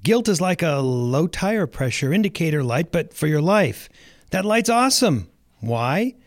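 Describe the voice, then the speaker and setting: A middle-aged man hosting a podcast, delivering a lively scripted monologue full of rhetorical questions to the listener. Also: on the high side, a little slow, no echo, studio quality. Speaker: podcast host.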